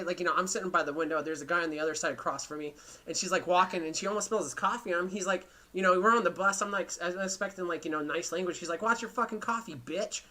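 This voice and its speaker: A man's voice: sits high, pushed and bright. A man hosting a podcast, telling a rambling, profane story in casual chat. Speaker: podcast host.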